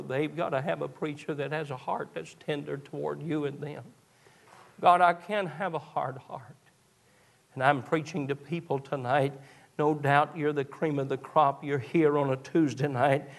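A male pastor, preaching a sermon that moves from quiet storytelling to raised, fervent preaching. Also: a little high, creaky.

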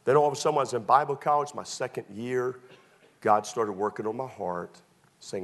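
Speaking briskly in a mid-range voice, a pastor tells personal stories throughout his sermon, alternating excited, loud outbursts with quiet confessions.

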